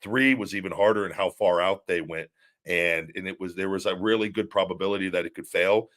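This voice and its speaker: A man's voice: deep voice, a bit bright. A middle-aged man hosting a casual podcast, telling long stories with many restarts and repeated words. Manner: rambling storytelling with many restarts. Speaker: show host, former wrestler.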